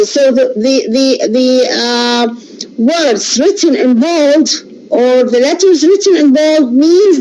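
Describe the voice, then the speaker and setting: Slow, halting woman with an Arabic accent. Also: a little high, darkish tone, poor audio. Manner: halting, many fillers and restarts. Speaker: literature lecturer. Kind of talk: recorded lecture.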